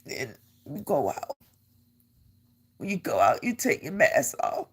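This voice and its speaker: A woman's voice: low voice, sing-song, takes it slowly, slightly rough. An older woman, an army veteran, telling a personal story in an earnest way and repeating phrases for emphasis.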